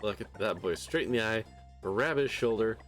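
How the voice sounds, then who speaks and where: A man's voice: on the low side, moderate pace, soft background music, lightly acted. A man voicing bossy older village women in a video game who play matchmaker, reading their lines in a theatrical, coaxing way.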